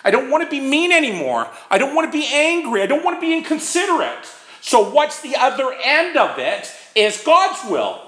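Man, recovery-talk speaker, conversational, lively pitch, echoey room. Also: moderate pace, hardly any pauses. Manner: conversational, frequent "right?" asides. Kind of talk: informal talk on recovery steps.

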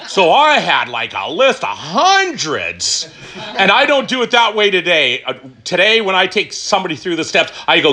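A middle-aged man telling his recovery story, emphatic and animated, asking questions and answering them himself. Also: sits high, normal speed. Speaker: recovery speaker. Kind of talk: personal testimony talk.

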